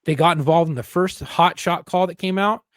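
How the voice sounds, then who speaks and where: A man with a voice on the higher side talks in a loose, casual podcast conversation. He is a former police officer who tells stories bluntly and swears a lot. The sound is close and dry, with no room echo. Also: normal speed. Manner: blunt, profane storytelling.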